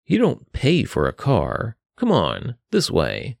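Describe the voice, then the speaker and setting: A man voicing a calm, knowing young man in an audio story, speaking in a composed, measured way. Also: medium pitch, creaky, no room sound, clean studio sound, exaggerated voice.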